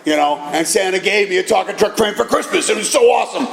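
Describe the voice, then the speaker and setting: A middle-aged man giving an animated personal talk at a recovery meeting, telling stories with casual profanity. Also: sits high, fast, gravelly. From Boston area, USA. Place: meeting hall. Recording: echoey hall with faint ambience.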